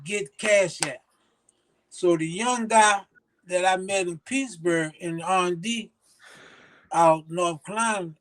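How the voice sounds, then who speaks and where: An older man telling stories as an interview guest, acting out the voices of the people he quotes. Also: high voice. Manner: animated, acts out quoted voices. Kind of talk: storytelling in casual conversation.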